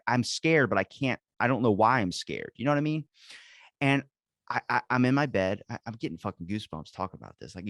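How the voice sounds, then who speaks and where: A man's voice: fairly low pitch, a bit bright, no room sound, clean studio sound. A man hosting a podcast, telling a story in rambling, profane casual chat over a video call. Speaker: podcast host.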